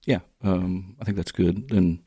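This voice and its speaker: A man's voice: deep voice, fairly even intonation, measured pace, mellow, breathy edge, no room sound, clean studio sound. A man co-hosting a podcast, speaking thoughtfully in casual conversation and asking questions. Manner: thoughtful, asks questions, restarts often. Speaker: podcast co-host.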